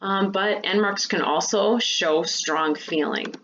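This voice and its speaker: A woman teacher walks young students through a remote lesson, explaining step by step in a patient, clear way. Her voice sits a little low. The recording is dull and lo-fi, with a faint hiss underneath. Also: unhurried, few pauses, fairly bright tone.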